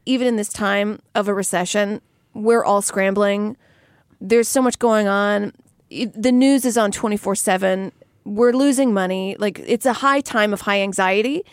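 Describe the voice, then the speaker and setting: A woman's voice: medium pitch, fairly even intonation, moderate pace, dry recording, studio quality. A woman co-hosting a podcast, chatting casually in a reflective, candid way with the odd swear word. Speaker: podcast co-host. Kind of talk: casual chat.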